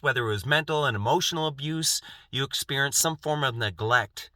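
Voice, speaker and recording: A man's voice: medium pitch, sharp tone, no room sound. A middle-aged man giving an earnest, impassioned self-help monologue, often restarting and repeating phrases.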